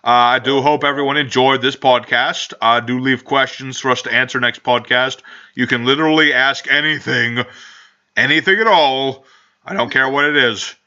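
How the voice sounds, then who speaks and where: Guy hosting a podcast with friends, bright sharp voice, jokey and rambly, muffled lo-fi audio. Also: mid-range voice, moderate pace. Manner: joking, rambling, profane. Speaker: podcast host. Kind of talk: casual podcast chat. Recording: dull lo-fi home recording.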